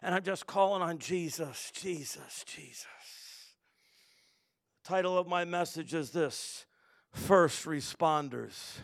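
A middle-aged man preaching a sermon, telling a personal story with animated delivery and calling on the congregation to answer back. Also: fairly high pitch, vocal fry. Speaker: pastor.

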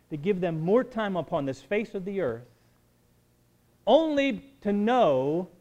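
Male pastor, sermon, conversational, joking asides, quiet-to-emphatic swings, slightly high voice.

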